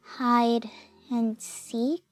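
A woman playing an eager, cheeky young girl in a full-cast audio drama, bright and excitable. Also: a little high, drawn-out words, dry recording, clean studio sound.

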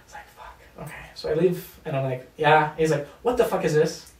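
A man's voice: fairly high pitch, fairly quick. Swearing young man telling a story. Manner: loose, profane, hesitant with fillers. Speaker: podcast guest. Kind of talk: casual storytelling chat. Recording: roomy and distant from mic.

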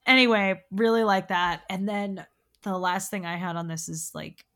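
A woman co-hosting a podcast, chatting casually about a film, animated and laughing, swearing freely. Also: medium pitch, moderate pace. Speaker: podcast co-host. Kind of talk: casual film discussion chat.

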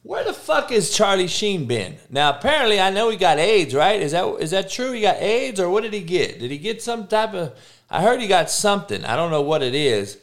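A man hosting his own podcast, rambling casually and profanely, with big swings in pitch as he gets worked up. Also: sing-song, brisk, fairly bright tone. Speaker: podcast host; coach. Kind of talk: casual solo podcast rant.

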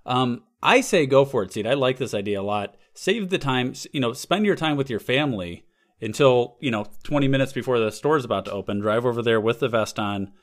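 A man's voice: medium pitch, animated, a little fast. A man co-hosting a podcast in casual comedic chat, riffing on ideas and laughing often. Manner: playful, laughs often, riffs on bits. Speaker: podcast co-host.

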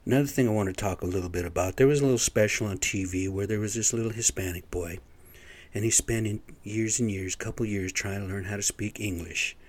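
A man's voice: fairly low pitch, a little fast. A middle-aged man telling stories in a blunt, profane, rambling rant to his viewers. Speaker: vlogger. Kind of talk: casual rant to camera.

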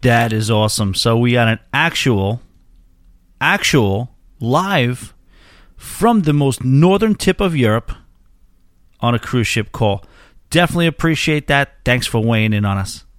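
A man's voice: medium pitch, lively intonation, unhurried, dry recording, clean studio sound. A man hosting a podcast, chatting casually in a loose, rambling way, with many restarts. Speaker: podcast host.

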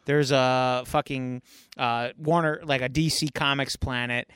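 A man co-hosting a podcast, retelling a movie in an animated, profane, casual chat. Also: medium pitch, a little slow, smooth. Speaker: podcast co-host.

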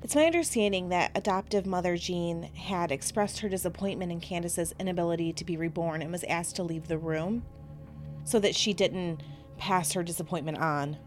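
A woman's voice: on the low side, normal speed, faint music behind. A woman co-hosting a podcast, somberly narrating a true crime case and chatting with her co-host.

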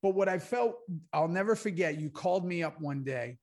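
A man's voice: sits high, moderate pace. A man co-hosting a podcast, telling a story with energy and swearing freely. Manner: animated storyteller, acts out quotes, swears. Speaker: co-host.

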